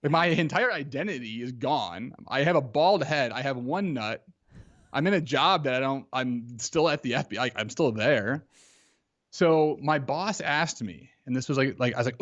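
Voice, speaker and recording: A man in his thirties, a podcast guest telling a personal story in a casual, animated way, full of "like" and acted-out quotes. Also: mid-range voice, moderate pace, highs cut off.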